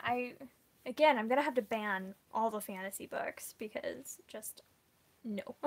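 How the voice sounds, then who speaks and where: Chatty woman with a higher husky voice. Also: fairly even intonation, a little slow. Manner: chatty, many "like" fillers, often laughing. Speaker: book vlogger. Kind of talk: casual live chat with viewers.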